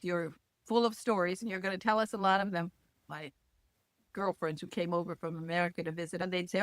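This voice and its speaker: A woman's voice: fairly low pitch, steady tone, a little fast, dry recording. A woman hosting an author interview, enthusiastic and gushing. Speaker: interview host. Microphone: video call.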